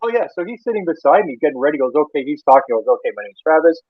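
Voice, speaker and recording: A man's voice: a little high, sing-song, very fast, breathy edge, no echo. A Canadian man, an interior designer, telling rambling anecdotes in a casual interview, with many restarts. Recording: tinny phone-like line, dry.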